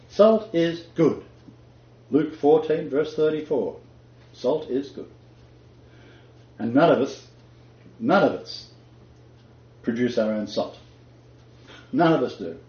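An older Australian man, a Christian teacher, gives an emphatic, conversational sermon-style talk, chuckling and quoting scripture. His medium-pitched, expressive voice has a darkish tone and goes slowly with long pauses. The room echoes and the sound is dull and lo-fi.

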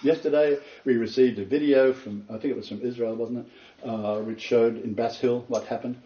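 An older man giving an informal sermon lecture, earnest and emphatic, his pitch leaping on stressed words between rambling asides. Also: steady tone, moderate pace, mellow. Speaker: preacher giving a Bible lecture. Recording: roomy, distant, dull lo-fi.

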